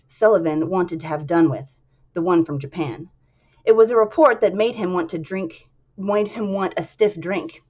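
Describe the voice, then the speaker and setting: A woman with a slightly low voice reads a novel aloud for her stream. She speaks softly and quietly, pausing with casual fillers between passages.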